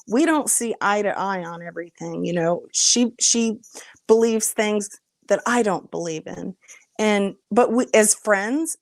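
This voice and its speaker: A woman in her thirties talks in an earnest, exasperated way on a livestream, breaking off to greet viewers by name. Her voice sits at an ordinary pitch. The recording is dry and close, with no room sound. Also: no room sound. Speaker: livestream host. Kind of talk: casual livestream chat.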